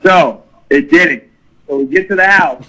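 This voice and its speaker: A man's voice: fairly high pitch, unhurried, pushed and bright, poor audio. A man telling a crude, profane party story in casual talk, full of swearing and laughter. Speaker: guest storyteller.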